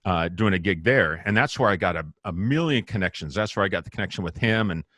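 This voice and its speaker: Animated man telling stories, dry sound. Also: low-pitched, fast, dry recording. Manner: animated, laughs often, acts out quotes. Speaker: guest bassist. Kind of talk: casual storytelling interview.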